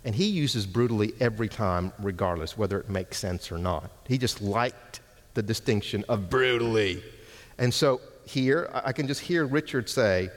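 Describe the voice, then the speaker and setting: A man's voice: on the low side, lively intonation, normal speed, big-room sound. A man preaching an expository sermon, teaching with emphatic stress on key words.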